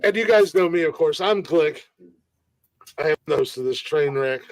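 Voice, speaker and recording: A man hosting a casual comedy news podcast, relaxed and joking, rambling with fillers. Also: a little high, moderate pace, a little hiss or hum, poor audio. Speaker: podcast host.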